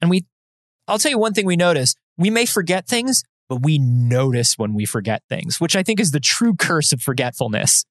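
Man, slightly high voice, dry close mic. Casual podcast co-host, chatty and self-deprecating. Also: very animated, normal speed, dry recording. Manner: chatty, self-deprecating, explains science news. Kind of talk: casual chat.

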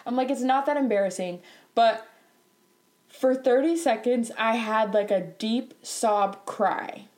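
A young woman recounting a frustrating day at work in a chatty storytime vlog. She sounds animated and exasperated, laughs often, and her voice jumps up in pitch whenever she gets worked up. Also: a little slow. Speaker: bank teller telling a work story. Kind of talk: storytime vlog, casual chat.

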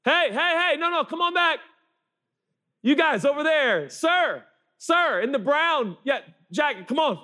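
A man's voice: high voice, expressive, moderate pace, voice pushed up. A man acting out Jesus as an adult man, eagerly calling children and parents over in a raised, urgent voice. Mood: urgent welcoming.

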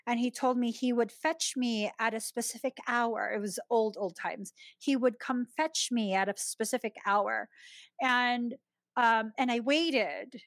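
A woman hosts a podcast, recounting a personal story in a casual, expressive way with frequent laughter. Her voice sits a little high. The recording is dry and close. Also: measured pace, no echo. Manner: chatty and expressive, laughs often while telling a story. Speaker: podcast host.

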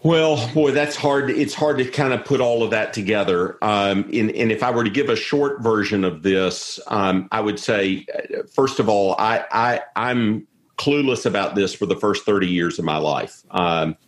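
Low-voiced man, halting restarts. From South Carolina, US. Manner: rambling, many restarts and repeated words. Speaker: guest. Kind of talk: conversational interview.

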